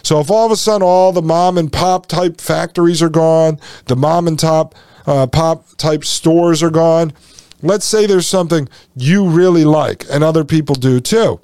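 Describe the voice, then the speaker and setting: A man's voice: fairly high pitch, moderate pace, darkish tone, clean tone, no echo. Dry, sarcastic male podcast host. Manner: sarcastic, folksy asides to listeners. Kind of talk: podcast commentary, reading from an article.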